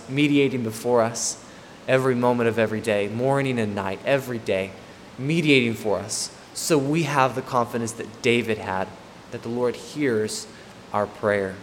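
A man's voice: mid-range voice, normal speed. A man preaching a sermon, stressing and repeating his main points. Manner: emphatic, repeats key points. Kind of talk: expository sermon. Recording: long hall reverb, faint room noise.

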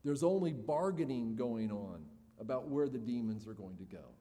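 A man's voice: medium pitch, animated, moderate pace, dark tone, in a large hall. A man preaching a sermon in an earnest, expository way, building emphasis as he makes his points.

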